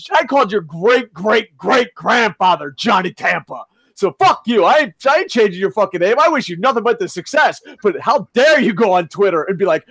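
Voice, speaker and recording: A man co-hosting a casual podcast, ranting loudly with lots of swearing. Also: very high-pitched, dry recording. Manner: loud, profane ranting. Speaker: podcast co-host.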